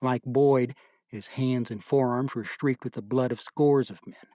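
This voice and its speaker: A man narrating an audiobook in a measured, deliberate storytelling manner. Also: mid-range voice, steady tone, warm tone, dry recording, studio quality.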